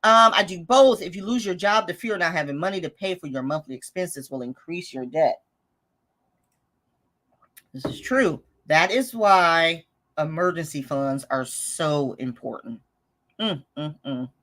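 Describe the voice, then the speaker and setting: A woman's voice: sits low, measured pace, a bit bright. A woman hosting a casual budgeting livestream, chatting, reading viewer comments aloud and correcting herself as she goes. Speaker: host of a live budgeting stream.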